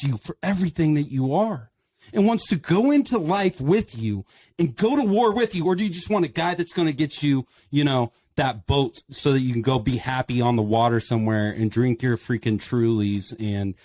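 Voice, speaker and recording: A man's voice: medium pitch, normal speed, a little mellow, no room sound, clean studio sound. A man in a casual podcast discussion, speaking with passion and firing off emphatic rhetorical questions. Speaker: podcast panelist.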